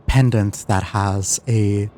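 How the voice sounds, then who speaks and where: A man narrates as game master of an online tabletop game, at an unhurried pace with a somewhat low voice. He trails off and repeats himself while he pins down a description. A faint hiss sits under his voice. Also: fairly even intonation, warm tone. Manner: halting, restarts while describing, self-deprecating.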